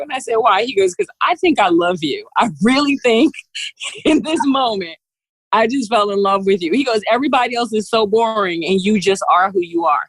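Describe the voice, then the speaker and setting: A woman, a business CEO, telling animated stories as a podcast guest, laughing often and acting out what others said. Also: on the high side, normal speed, no echo, poor audio. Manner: lively, laughs often, acts out quotes. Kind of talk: animated storytelling interview.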